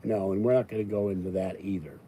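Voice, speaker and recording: Older male livestream host, very dark tone, rambling, exasperated. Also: deep voice, fast, husky, low-quality recording. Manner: rambling, exasperated, raises voice then calms. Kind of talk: live-stream chat with viewers.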